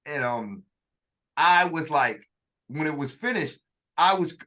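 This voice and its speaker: A man casually telling a story in conversation, animated and full of slang, with vocal sound effects. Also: fairly high pitch, unhurried. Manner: uses slang and restarts. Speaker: storyteller in a two-man dialogue.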